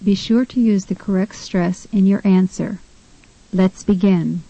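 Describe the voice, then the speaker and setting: A woman reads the steps of an English pronunciation lesson in a clear, measured way. Her voice is warm and mellow, and the recording is dry and close. The style is scripted teaching narration. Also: mid-range voice, steady tone, dry recording, muffled recording.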